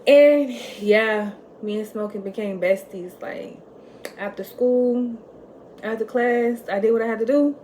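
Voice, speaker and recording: A young woman vlogger telling a candid personal story in casual chat, full of "like" fillers and swinging between loud and soft. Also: on the high side, a little slow, a little hiss or hum. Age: young adult.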